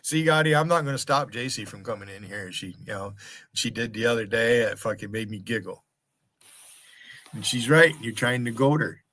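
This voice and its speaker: A man's voice: mid-range voice, moderate pace, fairly bright tone, no room sound. An American man hosting a livestream, taunting and swearing at people in his chat in a mocking rant. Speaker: livestream host. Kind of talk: profane rant at chat viewers.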